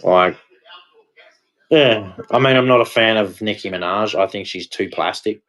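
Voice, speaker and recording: A man's voice: fairly low pitch, measured pace, fairly bright tone, rough recording. A man ranting heatedly in a casual vlog monologue, blunt and repetitive, swearing now and then. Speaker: vlogger.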